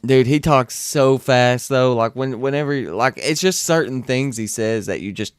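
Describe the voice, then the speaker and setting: Young guy streamer, loose and profane, smooth voice, dry close sound. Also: mid-range voice, moderate pace, no room sound. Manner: rambling and profane, many restarts. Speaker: streamer reacting to clips. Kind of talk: casual reaction stream.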